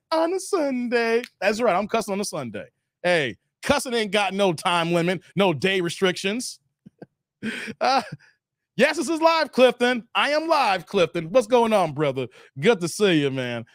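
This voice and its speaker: Animated, high-voiced male live-streamer. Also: no echo, studio quality. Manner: animated and joking, laughing often while reading viewer comments. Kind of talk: casual live-stream chat and ranting.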